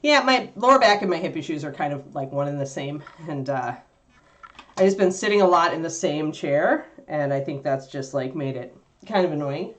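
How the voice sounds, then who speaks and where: Woman host, casual stream chat, lively sing-song delivery, laughs easily, slips into a cooing voice for her dog. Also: low-pitched, normal speed. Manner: animated, laughing, coos at her puppy. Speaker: livestream host.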